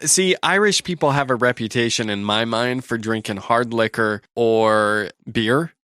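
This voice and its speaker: A woman's voice: a bass voice, unhurried, fairly bright tone, no echo, studio quality. A woman co-hosting a podcast in casual chat, joking and laughing as she talks. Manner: joking, laughs while talking. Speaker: podcast co-host.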